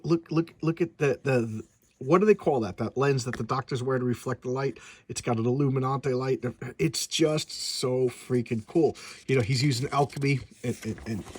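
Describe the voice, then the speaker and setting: A man's voice: mid-range voice, slightly rough. A man recapping a comic book in a casual, enthusiastic, rambling way, with many restarts.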